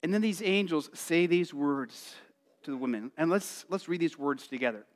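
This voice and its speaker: A male pastor preaching a sermon, telling the story in a lively way and acting out excited voices. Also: a little high, moderate pace. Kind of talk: Easter sermon.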